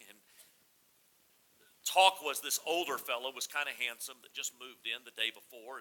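A man's voice: mid-range voice, sharp tone, rough recording. A man in his forties preaching a sermon in a conversational, humorous storytelling manner. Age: 40s. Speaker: pastor.

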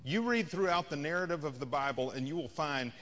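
A man's voice: on the high side, animated, brisk, a bit bright. Man preaching in a reverberant hall. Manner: conversational preaching, rising and falling in intensity. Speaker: pastor. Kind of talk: sermon. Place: church sanctuary.

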